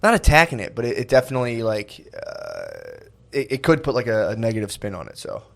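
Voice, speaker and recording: A man's voice: medium pitch, lively intonation, brisk, vocal fry. Rambling, sensitive man in casual chat. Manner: rambling, sensitive, self-deprecating, many restarts. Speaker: podcast guest.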